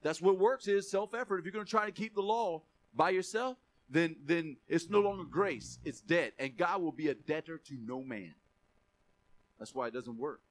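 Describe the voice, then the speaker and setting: High, bright-voiced passionate preacher man. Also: expressive, moderate pace. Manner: passionate, swings from quiet asides to raised preaching. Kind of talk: sermon.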